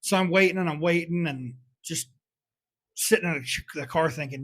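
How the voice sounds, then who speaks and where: A man's voice: a little high, moderate pace, fairly bright tone, dry recording. Candid young man telling a confession. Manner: candid, frequent swearing, self-reflective. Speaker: podcast host. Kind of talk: confessional solo storytelling.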